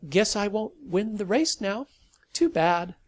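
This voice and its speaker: A man's voice: sits high, sing-song, measured pace, warm tone, slightly rough, pitched above the performer's own voice, exaggerated voice. A man doing Sally, a brash young woman. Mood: casual. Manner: brash, coaxing and sarcastic.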